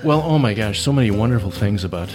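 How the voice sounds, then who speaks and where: A man's voice: on the low side, lively intonation, music in the background. A man hosting a podcast interview, chiming in and laughing often, then asking his guests a question. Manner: encouraging, quick to laugh and chime in. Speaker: podcast host. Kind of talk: casual interview.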